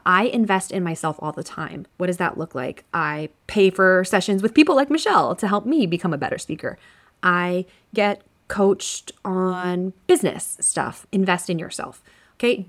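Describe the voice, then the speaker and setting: A woman hosting an advice podcast, coaching listeners in a direct, upbeat way while her voice is scratchy and shaky from a cough. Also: medium pitch. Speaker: podcast host.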